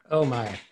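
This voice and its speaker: A man playing along as a contestant on a trivia podcast, laughing often and joking about himself. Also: noisy background. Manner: laughs often, self-deprecating. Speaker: quiz contestant. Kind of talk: casual podcast chat.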